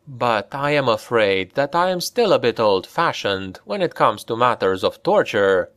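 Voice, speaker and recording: A man's voice: medium pitch, sing-song, a little slow, fairly bright tone. Man playing a cold, imperious nobleman. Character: cold, imperious male nobleman, cruel and smug.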